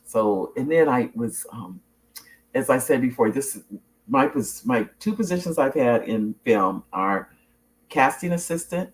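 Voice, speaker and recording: A woman's voice: rumbling low, a little slow. A middle-aged woman hosting her own talk show, chatting casually, telling stories with laughs and restarts, and reading out viewer comments. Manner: animated storyteller, laughs often, restarts sentences.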